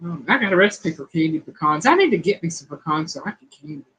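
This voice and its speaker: A woman's voice: lowish voice, very animated, fast, fairly bright tone, husky, rough recording. A middle-aged woman, hosting a casual live-stream chat and reading quiz questions in a folksy, playful way. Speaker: host of a cooking channel's live chat.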